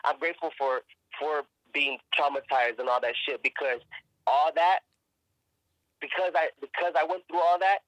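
A man tells his story in a casual podcast chat, pressing hard on his words and swearing freely. His voice is bright and forceful, and he keeps repeating himself as he finds his way. The sound is dry and close, with no room around it. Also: a little high, moderate pace, dry recording, rough recording. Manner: emphatic, profane, repeats and restarts words. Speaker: actor and podcast guest.

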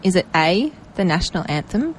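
An Australian woman co-hosting a radio show, reading quiz questions with brisk, teasing energy. Her voice rises and falls a lot as she speaks. She talks into a studio mic over a faint hum. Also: lowish voice, sing-song, low-quality recording. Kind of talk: playful radio banter.

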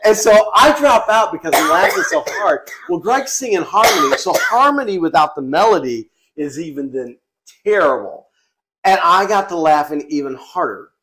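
High-voiced man telling family stories. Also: normal speed, noisy background. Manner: animated storyteller who breaks into laughter. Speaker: podcast co-host. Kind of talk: casual family storytelling.

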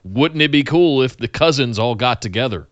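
A man's voice: medium pitch, lively intonation, normal speed, a bit bright, no echo, lo-fi sound. A man co-hosting a casual chat, thinking aloud in a reflective way. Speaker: podcast co-host.

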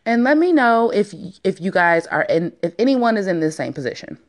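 A woman in her late twenties hosting a casual solo podcast from her home basement, talking candidly and playfully with lots of swearing and hushed asides. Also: fairly low pitch, sing-song, a little fast, hardly any pauses. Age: 20s. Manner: candid, profane, playful, swings between loud and hushed asides. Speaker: podcast host.

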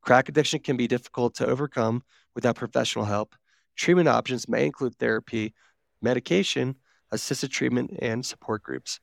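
A man's voice: medium pitch, brisk, creaky, dry recording, clean studio sound. A man co-hosting a podcast, reading out notes in a casual, swearing manner while wheezing from asthma. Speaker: podcast co-host.

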